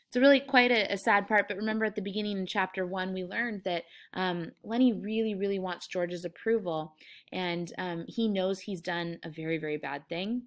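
A woman's voice: medium pitch, moderate pace. A woman English teacher reading a novel aloud and explaining it to her students, with frequent fillers.

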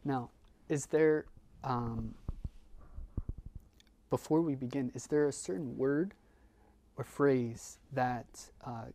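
Relaxed man leading scripture discussion. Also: medium pitch. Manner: relaxed, reads scripture quickly. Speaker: deacon leading the retreat.

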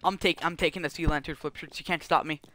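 A man's voice: a little high, fairly even intonation, quick pace, pushed and bright, slight background noise. A man streaming a survival game, chatting and joking goofily with friends and chat. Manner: goofy, joking, bantering with chat. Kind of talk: casual gaming chat.

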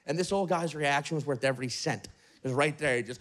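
A man doing stand-up comedy in an apartment, telling a story in an animated way. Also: on the high side, a little fast, a faint crowd. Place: apartment living room, live audience.

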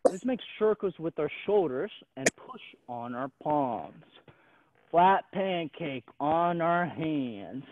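An upbeat man coaching a gymnastics class over a video call, his voice pitched high and swinging widely as he counts reps and cheers the kids on. The audio is thin and phone-like. He sounds like he's in an indoor gym. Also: expressive, slow, slight background noise. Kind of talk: leading a live online exercise class.

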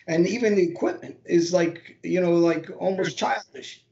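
A man's voice: sits high, moderate pace, gravelly, a little mellow. A man co-hosting a casual interview, mostly giving short reactions and blunt comments. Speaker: co-host. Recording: roomy, dull lo-fi sound.

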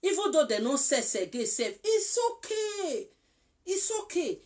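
A woman's voice: high voice, very animated, a little slow, a little mellow. A woman with a Nigerian accent giving casual relationship advice, coaxing and repetitive, often checking that she is understood. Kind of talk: casual instructive talk.

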